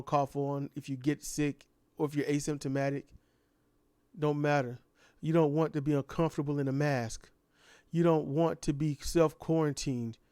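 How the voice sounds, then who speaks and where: A man's voice: fairly high pitch, darkish tone, dry recording, studio quality. A man delivering an impassioned ranting monologue full of repeated rhetorical questions. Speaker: commentator.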